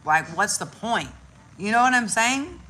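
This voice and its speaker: Her voice sits on the high side and her pace is measured. This spiritual content creator keeps things loose and slangy, cursing freely and bringing her stories to life by acting out little voices.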